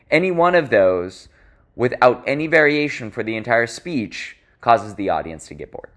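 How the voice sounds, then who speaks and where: A man teaching public speaking in an instructional talk, stressing key words and shifting his pace and volume to make his points. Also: medium pitch. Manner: expressive, varies pace and volume for emphasis.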